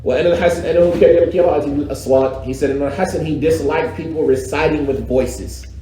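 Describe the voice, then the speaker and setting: A man teaching a casual religious class, talking in a lively, slangy way and mimicking recitation styles. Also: on the high side, rapid-fire. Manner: animated, conversational, slangy, imitates recitation styles. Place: echoey mosque classroom. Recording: echoey room with faint background ambience.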